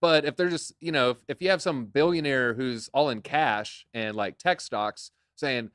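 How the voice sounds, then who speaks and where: A man's voice: medium pitch, moderate pace, fairly bright tone, clear, resonant tone, no echo, studio quality. A man co-hosting a crypto live stream, chatting casually with jokes and self-deprecating asides. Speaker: crypto show co-host.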